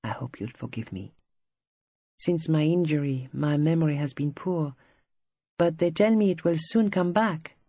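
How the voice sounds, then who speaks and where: A narrator voicing a confused, gentle wounded young French soldier in an audiobook, speaking softly and drifting, often near a whisper. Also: medium pitch, a little slow, dry recording, clean studio sound. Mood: wistful.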